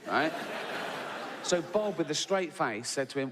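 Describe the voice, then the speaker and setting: A man performs stand-up stories in a conversational style, tacking "right?" onto lines and laughing at his own jokes. He sounds fairly high and animated but a little slow, in a big room with heavy background noise.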